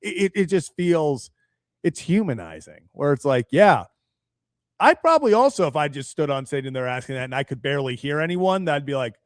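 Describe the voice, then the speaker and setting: Animated man co-hosting a sports show. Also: a little high, a little fast, no room sound, clean studio sound. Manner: animated, acts out quotes with laughs. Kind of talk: casual sports talk.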